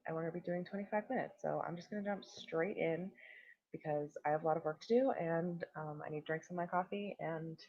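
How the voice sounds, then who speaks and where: A woman's voice: low voice, brisk. A young woman hosting a casual livestream, chatting and greeting viewers with lots of fillers. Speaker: livestream host. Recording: dull lo-fi stream audio.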